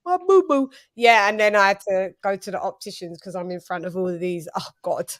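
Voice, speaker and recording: A woman hosting a casual chat, telling lively stories and acting out what people said. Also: medium pitch, a little fast. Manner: animated, storytelling with quoted voices. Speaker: host.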